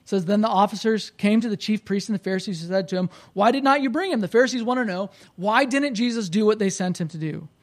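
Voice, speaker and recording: A man pastor preaching a sermon, animated and conversational, rising loud when he voices the crowd. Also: high voice, fast talker, hardly any pauses. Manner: conversational, with restarts.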